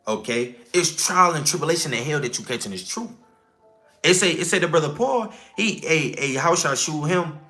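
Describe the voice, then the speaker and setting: A man's voice: a little high, lively intonation, moderate pace, sharp tone, soft background music. A man teaching scripture informally, emphatic and preachy, asking rhetorical questions, swearing casually and checking in with "okay?" and "all right?". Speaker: religious teacher.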